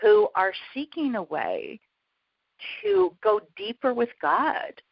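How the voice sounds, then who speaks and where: A woman guest chatting in an interview, lively and self-deprecating, laughing often and a bit out of breath from walking around. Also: a little high, slow pace, slightly rough, dry recording, muffled recording. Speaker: guest, author and prayer coach. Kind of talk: casual interview chat.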